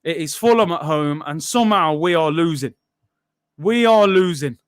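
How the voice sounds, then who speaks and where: Young man, high-pitched, football watchalong host, animated, frustrated, shouting outbursts. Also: moderate pace, clean tone. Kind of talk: live match reaction.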